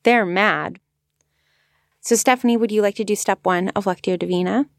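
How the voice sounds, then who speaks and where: A woman hosting a podcast, talking in a relaxed, reflective, conversational way and often stopping to think aloud. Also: medium pitch, fast, no echo, clean studio sound. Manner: thoughtful, conversational, frequent "like" fillers. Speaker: podcast host. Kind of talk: casual reflective discussion.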